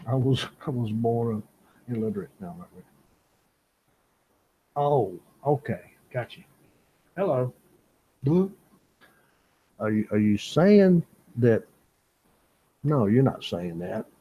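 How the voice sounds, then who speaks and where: A man's voice: medium pitch, big pitch swings, takes it slowly, pauses often, husky, muffled recording. An older man from Louisiana, chatting casually with viewers on a fishing live stream and laughing often. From Louisiana, USA. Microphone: small camera-top microphone.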